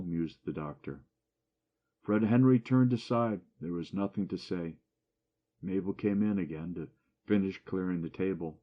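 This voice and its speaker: A man's voice: low-pitched, normal speed, highs cut off. A man reading a classic short story aloud as an audiobook, lifting his voice for the dialogue and dropping it for the narration.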